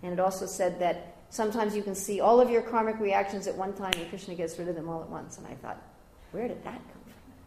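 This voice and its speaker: An older woman giving a devotional scripture class, telling stories lively and raising her voice high whenever she quotes others. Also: fast, few pauses, slight background noise. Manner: animated storyteller, jumping high when quoting others. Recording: roomy echoey room.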